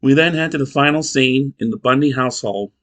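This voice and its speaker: A man's voice: medium pitch, fairly bright tone. Rambling man recapping a TV episode. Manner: rambling, halting, restarts a lot. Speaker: TV episode reviewer. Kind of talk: casual review narration.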